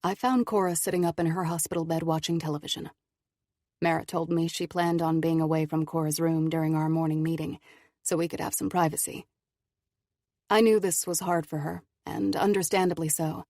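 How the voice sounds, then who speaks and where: A woman narrating an audiobook in an even, measured way. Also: on the low side, dry recording, studio quality. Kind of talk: scripted narration.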